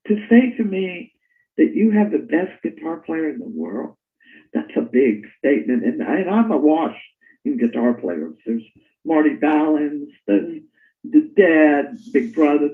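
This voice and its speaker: An older woman telling stories in a casual interview, animated and laughing as she recalls. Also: deep voice, measured pace. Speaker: interview guest. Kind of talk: casual storytelling. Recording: tinny phone-like line.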